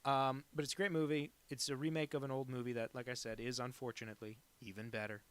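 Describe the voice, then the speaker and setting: A man's voice: medium pitch, level tone, fast talker, clear, resonant tone. Guy rambling along while he doodles on a live stream, ordinary mid voice, keeps teasing himself. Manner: rambling and digressive, with many fillers; self-deprecating. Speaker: cartoonist drawing viewer requests on a live stream. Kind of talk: casual live-stream chat.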